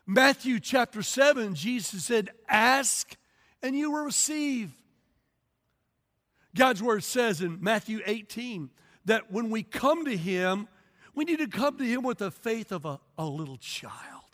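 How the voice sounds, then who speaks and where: A middle-aged male pastor preaching a lively sermon, telling stories with animation, acting out voices and bursting into shouts. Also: very high-pitched, unhurried. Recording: long hall reverb.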